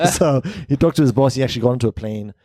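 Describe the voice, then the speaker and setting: A man, a crypto company founder, talking as a guest in a casual interview and telling stories in an animated way. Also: mid-range voice, fast, no room sound. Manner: animated storyteller.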